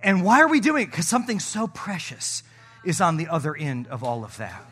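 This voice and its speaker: A middle-aged man preaching a lively sermon with a bright, forceful voice that sits a little high. He jokes with his congregation and swings from soft asides to loud, shouting exhortation. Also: fairly quick. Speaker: pastor.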